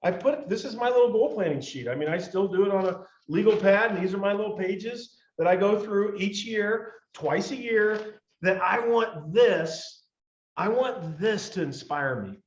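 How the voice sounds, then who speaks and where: A man with a fairly high voice delivers a motivational talk to a team call. He repeats lines for emphasis and swells toward near shouts. His voice comes through a roomy, slightly muffled lo-fi line. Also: expressive, moderate pace.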